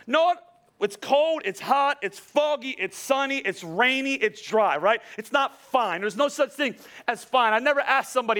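Male pastor, middle-aged, high bright voice, lively sermon storyteller acting out dialogue. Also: normal speed. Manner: animated storytelling with quoted dialogue and rhetorical questions.

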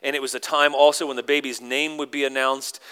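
A pastor preaching a sermon, animated and acting out the crowd's lines in sudden high voices. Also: male voice, brisk, smooth.

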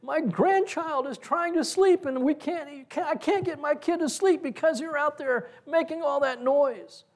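A woman's voice: sits high, huge pitch swings, normal speed, few pauses, a little mellow, husky, voice pushed up, heavily acted. A man voicing an irritable older woman neighbor who screams and scolds. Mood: scolding.

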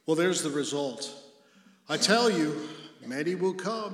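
Slow, earnest preacher in an echoey hall. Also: male voice, a little high, animated. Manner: earnest preaching, dropping to a hush for emphasis. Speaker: pastor. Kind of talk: sermon. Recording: echoey hall with long reverb.

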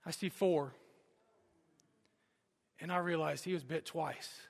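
High bright-voiced preacher in a big hall. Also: male voice, takes it slowly, vocal fry. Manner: dramatic storytelling, swinging from loud urgency to hushed. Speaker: pastor. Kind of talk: sermon with personal story. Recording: long hall reverb.

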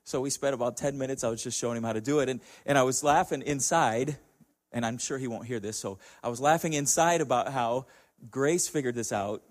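A middle-aged man with a mid-range voice speaks a little fast as a church speaker addressing his congregation. His delivery is anecdotal and easygoing, at medium volume, with a ready chuckle.

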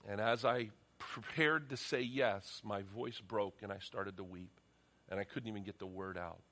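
Earnest man preaching, halting restarts. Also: on the low side, bright, forceful tone. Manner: earnest, repeats words when starting a sentence. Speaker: pastor. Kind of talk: sermon with story and prayer. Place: church sanctuary.

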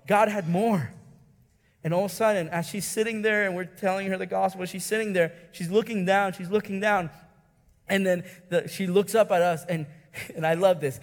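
High-voiced man preaching in a reverberant hall. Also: normal speed. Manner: storytelling with emotional swings, repeats words. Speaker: pastor. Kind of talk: sermon. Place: church hall.

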